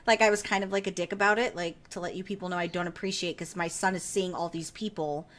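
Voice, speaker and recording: Animated, swearing woman telling stories. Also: lowish voice, fast. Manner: profane, animated storytelling; laughs while telling stories. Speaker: podcast host. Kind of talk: casual chat.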